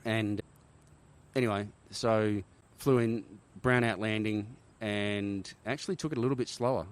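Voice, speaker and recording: A middle-aged Australian man, a former army helicopter pilot, telling animated stories in a casual interview, often checking in with "right?". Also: on the low side, measured pace, clean tone. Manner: animated war-story telling, frequent "right?" tags.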